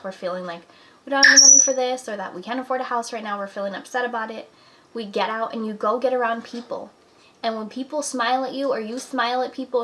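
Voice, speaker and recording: A woman's voice: a little high, fairly bright tone, rough recording. A young woman in her twenties talking earnestly to camera at home, giving encouraging life advice in a casual chatty way. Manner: earnest, encouraging, talks with "like" and "you know". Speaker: vlogger. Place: apartment at home.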